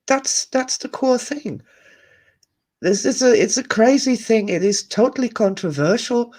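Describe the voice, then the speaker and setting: Woman host of a live stream, earnest and musing, slow husky voice with a lively, rising and falling pitch. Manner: earnest, musing, reading viewer comments aloud; laughs softly between thoughts. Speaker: host of a live online talk. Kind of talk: reflective live-stream monologue.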